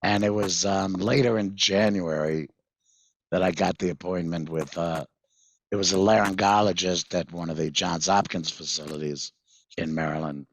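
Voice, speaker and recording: A man with a deep, husky voice recounts his own experience as a guest, pausing often and circling back with fillers and restarts. The recording is dry and close, with no room sound around him. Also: fairly even intonation, no room sound. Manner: halting, many fillers and restarts. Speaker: guest, patient mentor. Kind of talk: recounting a personal story in conversation.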